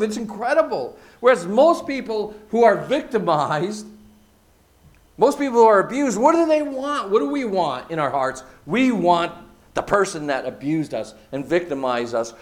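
A pastor with a high voice preaches a sermon, hammering points through emphatic repetition. He drops from loud, stressed phrases into hushed asides.

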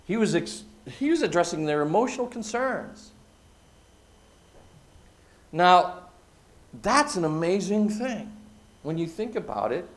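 A man preaching a sermon, using emphatic repetition and dropping from loud, stressed phrases to hushed asides. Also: high-pitched, very animated, a little slow, long pauses. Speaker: pastor.

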